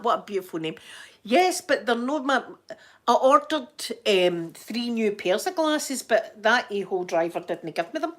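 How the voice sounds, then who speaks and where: A middle-aged Scottish woman chatting to her viewers, telling stories and acting out her own panicked screaming in sudden high bursts. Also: sing-song, moderate pace, a bit bright. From Scotland. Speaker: live-stream host. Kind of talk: casual storytelling chat to viewers.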